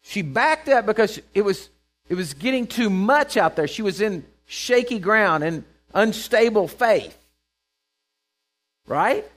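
A man's voice: high voice, lively intonation, slow, fairly bright tone. A man preaching a sermon in a conversational way, checking in with his listeners and acting out Bible characters. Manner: acts out Bible characters in quoted voices.

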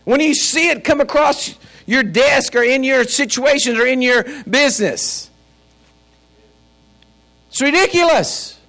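A man's voice: extremely high pitch, animated, unhurried, creaky, pauses often, bright, forceful tone. A man preaching a sermon as pastor, fiery and folksy, with joking asides. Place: church.

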